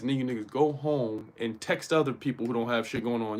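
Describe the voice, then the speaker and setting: A man's voice: medium pitch, fairly even intonation, fairly quick, hardly any pauses, darkish tone. A man hosts a casual motivational livestream, talking straight to his viewers. His speech is loose, slangy and full of swearing. He keeps checking that his listeners are following along. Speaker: host.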